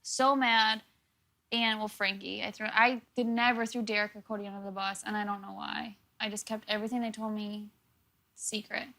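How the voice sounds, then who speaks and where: A woman telling stories in a casual interview, quick and animated, with plenty of fillers. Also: mid-range voice, vocal fry. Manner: rapid, filler-heavy, animated. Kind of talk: casual storytelling.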